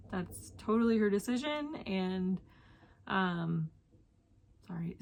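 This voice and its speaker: Young female vlogger, slightly low voice, loose and rambling, thinks aloud and trails off. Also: gravelly. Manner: chatty, lots of fillers and self-corrections. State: slightly out of breath. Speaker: knitting podcast host. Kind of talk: casual chat to camera.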